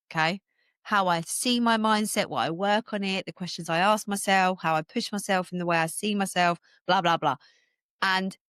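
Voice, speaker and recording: A woman from the UK hosting a solo business podcast, talking in an energetic, emphatic, motivational way and laughing often. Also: lowish voice, dry recording, clean studio sound. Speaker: podcast host and business coach.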